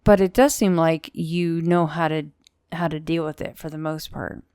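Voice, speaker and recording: Low-voiced chatty woman hosting. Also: steady tone, normal speed, a little mellow, clear, resonant tone, no room sound, studio quality. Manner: chatty, reassuring, frequent fillers. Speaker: podcast host. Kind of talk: casual interview chat.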